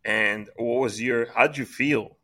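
A man's voice: medium pitch, slow, a crowd in the background. A man hosting a podcast, asking easygoing questions and giving short nods in casual chat. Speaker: podcast host.

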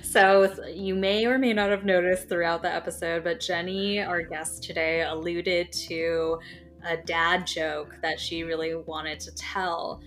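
A woman's voice: on the low side, fairly even intonation, measured pace, fairly bright tone, soft background music. A woman co-hosting a casual podcast, chatting in a friendly way and laughing easily. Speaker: podcast co-host.

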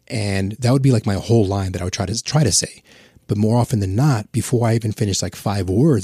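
A man's voice: on the low side, fairly quick, darkish tone, breathy edge, no room sound, studio quality. A man chatting casually on a podcast, telling rambling, profane anecdotes. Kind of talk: casual chat.

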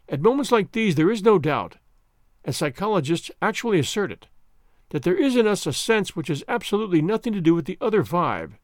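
A man narrating a classic novel in an expressive, dramatic reading. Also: sits high, brisk, dry recording, clean studio sound. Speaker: audiobook narrator.

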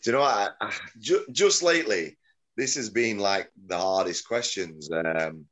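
A man's voice: on the low side, animated, moderate pace, a bit bright. A middle-aged man, a combat-sports promoter chatting as an interview guest, rambling and correcting himself as he goes. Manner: rambling, self-correcting, chuckling. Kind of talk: casual interview chat.

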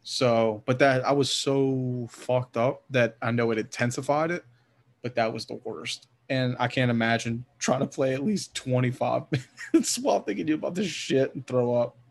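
A man from New Orleans co-hosts a casual sports podcast. He talks loosely, laughs often and swears freely. His voice sits at an ordinary middle pitch. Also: normal speed, vocal fry. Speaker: podcast co-host. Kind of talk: casual chat.

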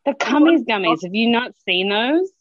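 A woman's voice: fairly high pitch, big pitch swings, moderate pace. An Australian woman in casual podcast chat, teasing and swearing freely between laughs. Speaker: podcast guest. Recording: muffled lo-fi sound.

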